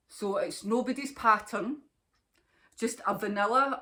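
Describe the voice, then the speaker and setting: A woman's voice: medium pitch, a bit bright. A Scottish woman hosting a knitting podcast, chatting casually to camera in a rambling way and laughing often.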